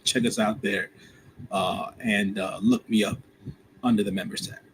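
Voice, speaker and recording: A man hosting a podcast, casually plugging his movie reviews and social media in a relaxed, rambling way with plenty of "uh" fillers. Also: fairly low pitch, normal speed, creaky, slight background noise, rough recording. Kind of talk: casual self-promotion.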